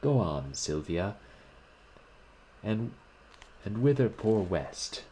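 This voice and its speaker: A man's voice: sits low, very animated, moderate pace, a little mellow, a little hiss or hum, rough recording. A man reading aloud and voicing a young painter who speaks with forced cheer and unconcern. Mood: cheerful.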